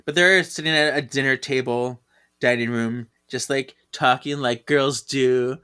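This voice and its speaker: A man's voice: medium pitch, fairly even intonation, measured pace, bright, forceful tone, clean tone. A man co-hosting a podcast in casual chat, chatty and laughing often as he talks. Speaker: podcast co-host.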